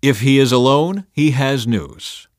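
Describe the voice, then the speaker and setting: A man's voice: mid-range voice, measured pace, no echo, clean studio sound, pitched above the performer's own voice, close to an everyday voice. A man reading scripture aloud, voicing an old king who is grieving for his son. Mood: anxious. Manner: cries out in grief.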